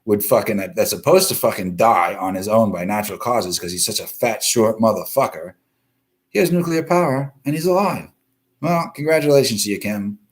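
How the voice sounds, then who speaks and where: A man's voice: fairly low pitch, expressive, brisk. A man hosting a live-stream news show, ranting bluntly and profanely while greeting viewers from the comments. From East Coast of the US. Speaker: livestream news show host.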